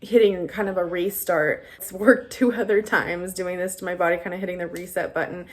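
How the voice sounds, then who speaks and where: A young woman vlogging to camera in a relaxed chat full of fillers. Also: lowish voice, fairly quick. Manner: chatty, many fillers. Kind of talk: casual talk to camera.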